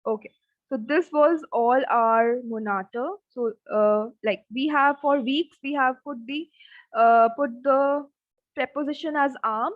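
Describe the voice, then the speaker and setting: A woman teaching a language class, slowly drilling words and saying each one over and over. Her voice sits a little high. The recording is dry and dull, with a lo-fi sound. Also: dry recording. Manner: slow, repeats each word several times. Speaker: German teacher. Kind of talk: online language lesson.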